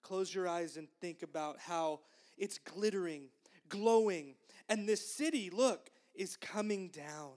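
A woman leading a children's sermon at an unhurried pace. She speaks gently and encouragingly, pausing so the little ones can repeat phrases after her. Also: lowish voice. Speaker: children's minister.

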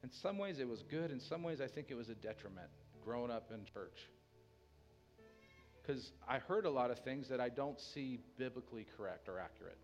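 A pastor preaching a sermon with a dynamic delivery, dropping to a hushed tender voice and rising loud again. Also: male voice, medium pitch, animated, moderate pace, lo-fi sound, soft background music.

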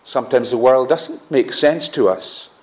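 A man's voice: medium pitch, measured pace, a little mellow. Earnest man preaching in an echoey hall. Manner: earnest, rising emphasis on key phrases, frequent "uh" restarts. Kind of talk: sermon.

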